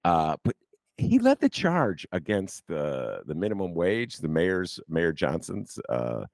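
An older man hosting a casual political talk show, joking and swooping into high teasing asides. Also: huge pitch swings, slow, creaky, no room sound, studio quality. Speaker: podcast host.

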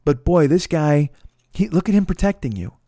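A man putting on the voice of an excitable, friendly drunk young man who gushes and repeats himself. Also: fairly high pitch, moderate pace, dry recording, studio quality, pitched above the performer's own voice. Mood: effusive. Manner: effusive, gushing, repetitive.

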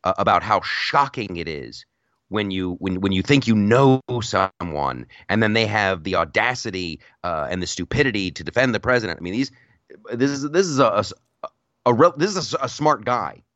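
A man's voice: on the low side, lively intonation, moderate pace, fairly bright tone, no room sound, muffled recording. A man co-hosting a casual political chat podcast, rambling and repeating words as he tells stories. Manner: chatty storyteller, repeats words, laughs, puts on silly voices. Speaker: podcast co-host.

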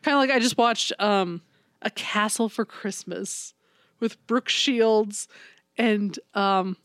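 A woman's voice: medium pitch, slow, a bit bright, smooth, no room sound, clean studio sound. A woman in casual chat, animatedly retelling a movie plot, swearing freely and acting out the characters' lines.

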